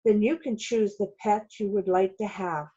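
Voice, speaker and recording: A woman voicing a gentle, patient mother in a children's storybook, explaining things slowly. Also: medium pitch, steady tone, breathy edge, close to an everyday voice. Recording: dull lo-fi recording.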